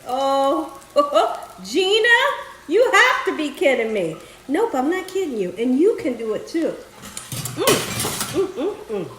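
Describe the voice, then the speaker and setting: A woman hosting a home cooking demonstration, talking straight to her viewers with plenty of excited exclamations. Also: mid-range voice, a little hiss or hum. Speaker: cooking show host. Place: home kitchen. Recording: echoey kitchen.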